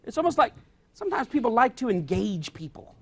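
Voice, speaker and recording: This pastor's voice is very high-pitched, sing-song, and husky, and he preaches a little fast. His sermon is homespun and plain-spoken, emphatic and repetitive on key points, with quoted dialogue acted out.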